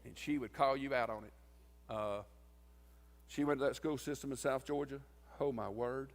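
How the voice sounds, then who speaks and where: Man, mid-pitched, folksy funeral eulogy, long church echo. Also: steady tone, moderate pace. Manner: folksy, tells stories and acts out quoted lines. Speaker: eulogist at his wife's funeral. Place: church sanctuary.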